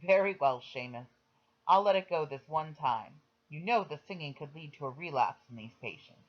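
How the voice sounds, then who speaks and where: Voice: medium pitch, animated, moderate pace, lightly acted. Reader playing a harsh stern nurse, snaps at people, muffled lo-fi. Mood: reproachful. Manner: sharp, reproachful. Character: very stern hospital nurse, frightening. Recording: slightly dull lo-fi recording.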